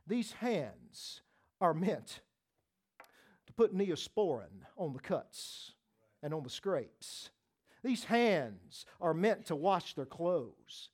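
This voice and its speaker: High-voiced preacher with dramatic swings. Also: male voice, sing-song, takes it slowly. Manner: dramatic swings between loud emphasis and soft hushed lines; repeats phrases for emphasis. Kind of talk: sermon.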